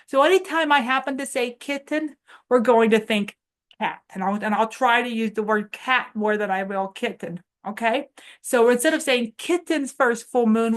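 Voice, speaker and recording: A woman hosting a preschool morning lesson, coaxing young children through upbeat call-and-response chants. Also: a little high. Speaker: children's show host.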